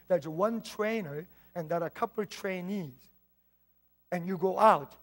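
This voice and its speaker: A man from southern Korea with a southern Korean accent, a native Korean speaker, preaching a sermon as pastor in an earnest storytelling manner that moves between loud and hushed. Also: high voice.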